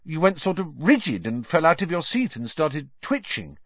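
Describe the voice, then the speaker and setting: A man's voice: a little high, sing-song, normal speed, no echo, muffled recording, pitched above the performer's own voice. A man voicing an earnest teenage girl. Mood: anxious. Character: quick, earnest teenage schoolgirl.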